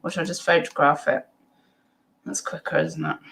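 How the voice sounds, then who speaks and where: A woman's voice: sits low, sing-song, moderate pace, creaky, fairly bright tone. A middle-aged woman, hosting a casual live stream at home, reading chat comments and rambling with many ums and asides.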